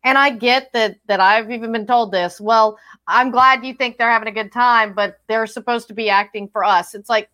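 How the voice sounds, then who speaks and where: A woman with a somewhat high voice chats with her co-host in a lively, opinionated way. Her voice jumps sharply upward when she gets exasperated. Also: moderate pace, few pauses. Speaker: podcast co-host. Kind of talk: casual chat about soap operas.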